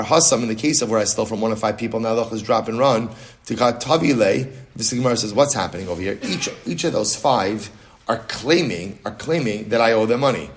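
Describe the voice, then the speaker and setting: Male rabbi, Talmud lesson; mid-pitched, animated, repeats key lines, roomy sound. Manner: animated, repeats phrases, reads Aramaic then explains in English. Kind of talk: daf yomi Talmud class.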